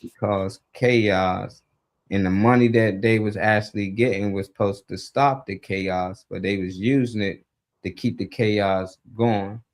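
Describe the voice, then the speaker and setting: A man's voice: lowish voice, fairly even intonation, unhurried. Man rambling in loose live-show chat. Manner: loose, rambling, laughs between points.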